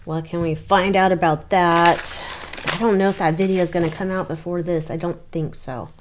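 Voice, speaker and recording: A woman's voice: fairly low pitch, fairly even intonation, moderate pace, noisy background. A woman reading tarot cards on her channel, thinking aloud in a loose, chatty way and swearing now and then. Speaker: tarot reader. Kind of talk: casual tarot reading monologue.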